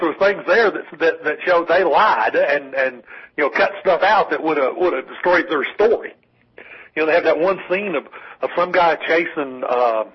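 A man with a husky voice on the high side co-hosts a casual political call-in talk radio show, rambling with many restarts and wry asides. The recording is a dull lo-fi radio broadcast.

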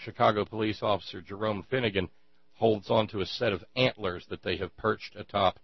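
A man giving an indignant, sarcastic monologue, halting often with fillers as he builds his points. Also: on the low side, fairly even intonation, slightly rough. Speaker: commentator. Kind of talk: ranting monologue. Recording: dry, dull lo-fi with mains hum.

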